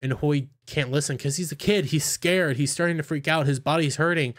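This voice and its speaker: A man's voice: on the high side, fairly quick. Guy rambling through an anime recap, lots of likes and you knows, does the characters' lines. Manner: rambling, filler-heavy, acts out characters' lines. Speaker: anime reviewer. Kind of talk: casual episode recap.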